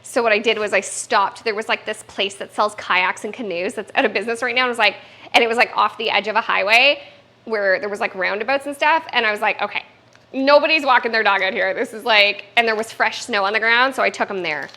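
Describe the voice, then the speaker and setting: Chatty bright-voiced woman streamer. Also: mid-range voice, fast talker, low-quality recording. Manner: chatty, swears casually, talks to her puppy. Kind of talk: casual live-stream chat.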